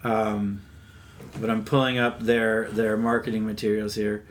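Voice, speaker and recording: A man hosting a podcast at his home, casually chatting about beer and telling an animated, playful story. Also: fairly low pitch, unhurried, slight background noise. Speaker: podcast host. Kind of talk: casual beer-tasting chat. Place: his own house.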